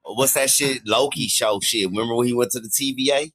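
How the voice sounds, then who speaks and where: A man's voice: mid-range voice, brisk, fairly bright tone, slightly rough. A man in a casual livestream chat who tells stories loosely, jokes around and swears freely. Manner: joking, profane, loose storytelling. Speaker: livestream participant.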